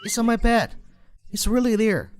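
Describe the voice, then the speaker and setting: A man's voice: moderate pace, darkish tone, a little hiss or hum. An actor playing a timid, scheming young rich man in a dubbed drama, whiny and clingy. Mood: scared, whiny. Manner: whiny and clingy, pitch jumping up in fright. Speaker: bedridden rich husband.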